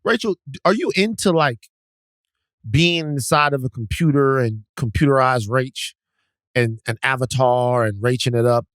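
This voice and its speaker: A man's voice: medium pitch, moderate pace, a bit bright, dry recording, studio quality. A man co-hosting a podcast, teasing and joking in casual chat and swearing freely. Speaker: podcast co-host.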